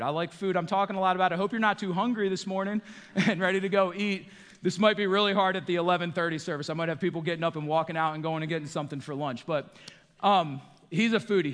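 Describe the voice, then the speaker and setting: A man from the northeastern United States preaches a sermon with a high voice. His delivery swings between hushed, low passages and rising emphasis. The long reverb of a church hall hangs behind him. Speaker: pastor. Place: church sanctuary.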